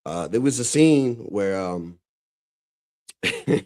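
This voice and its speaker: A man from the Dominican Republic hosting a casual reaction stream, talking in a loose, profane, excitable way and laughing often. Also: on the low side, slow pace. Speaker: streamer host reacting to clips.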